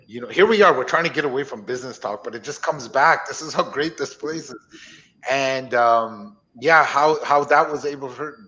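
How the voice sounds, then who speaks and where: A man hosting a casual group chat, telling stories in an animated, rambling way. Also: mid-range voice, normal speed, dull audio. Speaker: host.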